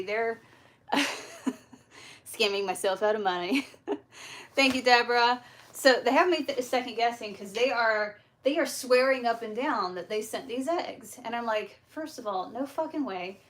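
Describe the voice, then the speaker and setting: A young woman hosting a homestead livestream, telling a story in a casual, animated way, swearing and acting out the exchanges. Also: on the high side, normal speed. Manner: animated, profane, acts out quoted exchanges. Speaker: homestead channel host.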